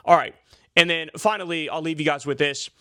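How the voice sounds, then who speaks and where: Man, political commentary vlog, high-pitched, dry close sound, profane, sarcastic, heated. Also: steady tone, a little fast, bright, forceful tone, no room sound. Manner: profane, sarcastic and heated, with many filler likes.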